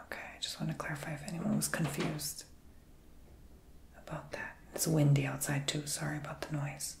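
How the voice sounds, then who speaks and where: Gravelly soft-whispering man, ASMR healer. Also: on the high side, flat delivery, moderate pace, echoey room. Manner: soft, mostly whispered, meandering and reassuring. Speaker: ASMR Reiki healer and tarot reader. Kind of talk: ASMR healing session.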